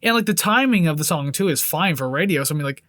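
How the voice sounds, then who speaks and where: High-voiced man in casual podcast chat. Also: lively intonation, fast, a bit bright, dry recording, clean studio sound. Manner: rambling, filler-heavy, joking. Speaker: podcast co-host. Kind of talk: casual album review chat.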